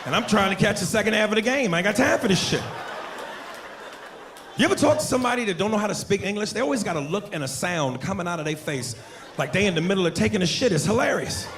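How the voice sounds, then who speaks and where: A man doing brash, profane stand-up comedy on a club stage, loud and punchy. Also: sits high, animated, fast talker. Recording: live club recording with loud crowd and noise.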